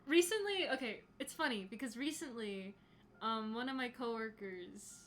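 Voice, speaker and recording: Young woman streaming from home, high bright voice, chatty, cusses a lot, soft music under her. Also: animated, moderate pace. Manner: chatty, swears freely, greets chatters by name. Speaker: podcast host live-streaming to chat. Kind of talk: casual livestream chat.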